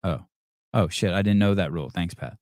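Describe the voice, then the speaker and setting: A man's voice: low-pitched, brisk, darkish tone, dry recording, clean studio sound. Profane, combative podcast host man. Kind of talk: heated livestream chat.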